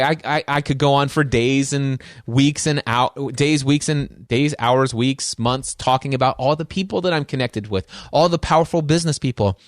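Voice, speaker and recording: A middle-aged man hosts his own podcast as a lively storyteller, stacking repeated words to drive points home. His voice sits a little high for a man. The recording is dry, with no room sound. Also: dry recording. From Northern Kentucky, USA. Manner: animated, piles up repeated words for emphasis. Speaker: podcast host and coach. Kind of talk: storytelling monologue.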